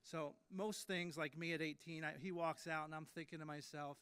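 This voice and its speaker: In a ceremony hall, a man in his late thirties gives an induction speech, his voice on the high side and fairly bright. He speaks at a moderate pace with fairly even intonation, telling self-deprecating stories full of fillers and restarts.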